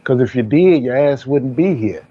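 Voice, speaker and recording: A man's voice: medium pitch, animated, moderate pace. A man in a casual group chat, speaking preachily in slang with stumbling restarts. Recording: dull lo-fi stream audio.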